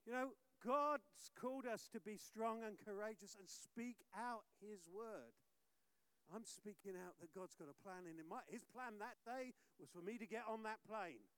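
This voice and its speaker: High-voiced, animated male preacher. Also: moderate pace, clean tone, dry recording. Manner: animated storytelling, swinging from loud exhortation to hushed. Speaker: pastor. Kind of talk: sermon.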